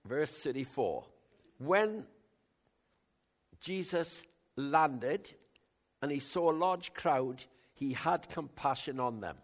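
An older man preaching a sermon in a conversational way, bantering with the congregation, with big swings in loudness. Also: on the high side, expressive, slow, long pauses. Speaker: pastor.

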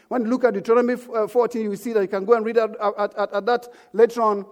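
A man's voice: high-pitched, flat delivery, very fast, few pauses, darkish tone. A man preaching a sermon as pastor, emphatic and calling out for amens from the congregation. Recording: echoey church hall.

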